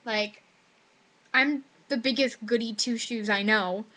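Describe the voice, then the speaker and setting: A teenage girl chats straight into her webcam, recounting her day in a loose, rambling way packed with "like". Her voice is high and very bright, and she slips into little acted voices when quoting people. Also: slow. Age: teens. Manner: chatty, lots of "like", quoting others in animated voices. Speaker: high school student. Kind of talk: casual webcam vlog storytelling. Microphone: webcam microphone.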